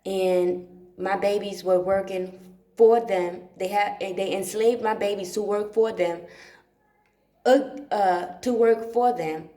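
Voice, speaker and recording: A livestream host sits in a dark room at home, her mid-range voice steady, slow and dark, with a roomy sound. She rambles casually, cursing often and repeating herself for emphasis.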